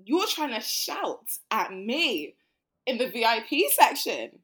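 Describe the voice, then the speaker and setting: A woman, co-hosting a podcast and telling a story in casual chat, animated and full of swearing. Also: on the high side, slow. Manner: animated, swearing, mimics people. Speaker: podcast co-host.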